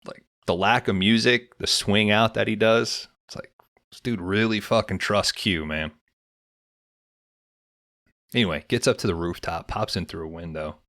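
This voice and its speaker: A man's voice: fairly low pitch, moderate pace, long pauses, a bit bright, no room sound, studio quality. A man co-hosting a movie podcast, casually recapping scenes and swearing freely. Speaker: podcast co-host.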